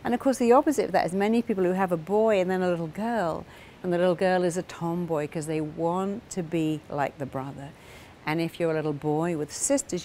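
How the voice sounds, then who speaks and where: Earnest lower-voiced woman therapist. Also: a little mellow, slight background noise. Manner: earnest, acts out quoted parents and clients. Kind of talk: talking to camera about therapy.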